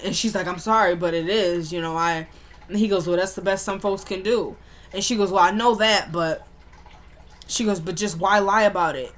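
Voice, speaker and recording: A woman's voice: mid-range voice, fairly bright tone. A woman casually recapping a TV episode in loose, slangy speech, trading characters' lines back and forth as she retells each scene.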